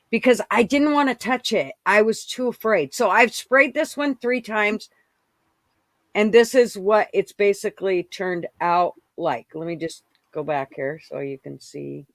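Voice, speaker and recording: A woman's voice: medium pitch, lively intonation, a little slow, no echo. A woman chatting casually as a guest on a live stream, eagerly showing and explaining her work. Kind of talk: casual show-and-tell.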